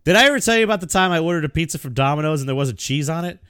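In clear, studio-quality audio with no echo, a young podcast co-host races through lively stories in relaxed conversation, full of swearing and laughter. His voice sits on the high side and has a resonant tone.

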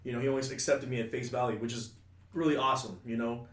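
A man's voice: mid-range voice, steady tone, fast, a bit bright, far from the mic. Rambling man telling a crude story. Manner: rambling, full of asides. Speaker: storyteller guest. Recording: echoey room, a bit off-mic.

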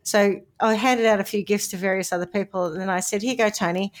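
Middle-aged woman, Australian accent, podcast co-host, casual chat, lively storyteller. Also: mid-range voice, quick pace. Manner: chatty, acts out quoted voices with laughter.

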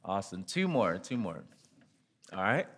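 A man's voice: low-pitched, sing-song, measured pace, fairly bright tone, husky. A man leading a church small-group discussion, encouraging people to share and answering with short, repeated affirmations.

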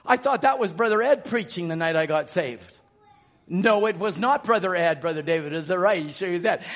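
A man preaching a sermon in drawn-out emphatic phrases, rising to shouts and dropping to hushed asides. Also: sits high, expressive. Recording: dull lo-fi sermon recording.

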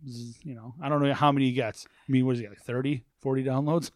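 A man talking casually in a dry, close-sounding room, his pitch sitting in an ordinary middle range. He rambles through stories, swears freely, and restarts his sentences again and again. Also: fairly even intonation, fast, dry recording. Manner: rambling storyteller, swears, repeats himself. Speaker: podcast guest, warehouse manager. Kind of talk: casual chat. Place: office at a work facility.

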